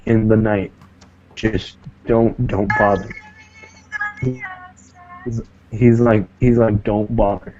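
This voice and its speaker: A man co-hosting a podcast, telling a story in a casual, profane, animated way and acting out the voices of the people in it. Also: on the low side, dull audio. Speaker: podcast co-host.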